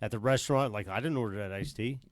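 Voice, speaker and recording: A man's voice: lowish voice, fast, no room sound, studio quality. A man co-hosting a podcast, joking and riffing in casual chat. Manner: jokey, riffs with mock voices. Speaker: podcast co-host.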